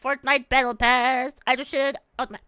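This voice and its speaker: A young woman streaming a game, loud and excitable, swearing and mocking the characters she meets. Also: sits high, normal speed, clean tone, no room sound, clean studio sound.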